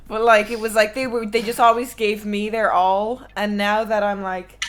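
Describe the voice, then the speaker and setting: A woman's voice: mid-range voice, little pitch movement, unhurried, noisy background. A young woman in her twenties, streamer and podcast host, chatting casually and candidly and telling stories with swearing. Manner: candid, swearing, storytelling with laughs.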